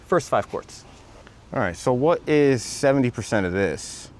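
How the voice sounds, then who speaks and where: Fixing a car in a garage, a man hosting a vlog tells a story casually and jokingly, swearing here and there as he narrates what he's doing. He speaks at a moderate pace in a medium-pitched voice with big swings in pitch.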